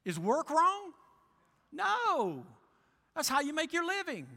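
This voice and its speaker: High-voiced preacher in a church hall. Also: male voice, wildly swooping pitch, slow, vocal fry, bright, forceful tone. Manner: folksy preaching, acts out voices. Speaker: pastor. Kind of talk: sermon.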